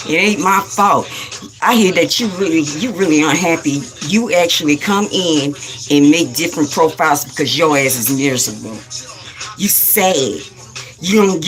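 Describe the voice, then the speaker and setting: A woman hosts a spiritual livestream with a somewhat low voice. She talks in a preachy, scolding, rapid-fire way, repeating phrases for emphasis. Faint music plays in the background. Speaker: livestream host.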